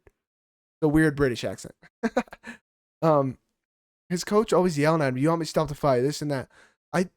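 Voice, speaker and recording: A man with a somewhat high voice trades fight picks on a casual podcast. He is blunt and heated and swears freely. The sound is dry and close, with no room echo. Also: darkish tone. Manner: blunt, profane, heated opinions. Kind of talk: casual sports chat.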